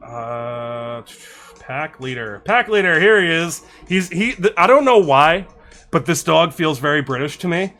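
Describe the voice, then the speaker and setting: A man's voice: sits high, bright, forceful tone. A man streaming live, cheerfully reading out and chatting about viewer suggestions and thanking followers, talking into a desk microphone. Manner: enthusiastic, thanks followers, reads card text quickly. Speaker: streamer reviewing card suggestions. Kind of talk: casual live-stream chat.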